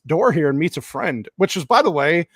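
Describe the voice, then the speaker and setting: A man hosts a loose group movie chat over an online call, his pitch leaping around lively and sitting a bit high. His sound is dry and close. He laughs easily and swears casually as he talks. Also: fairly quick, husky, no room sound. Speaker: podcast host.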